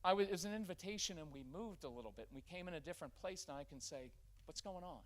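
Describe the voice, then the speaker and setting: A man's voice: a little high, very fast. A man in his fifties giving a live parenting workshop, joking and acting out parent-child dialogues. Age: 50s.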